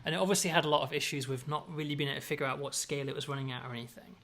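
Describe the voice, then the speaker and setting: A man's voice: fairly high pitch, steady tone, rapid-fire, a bit bright. A man who designs games, chatting casually with a dry, self-mocking humor. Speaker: game designer. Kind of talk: casual chat.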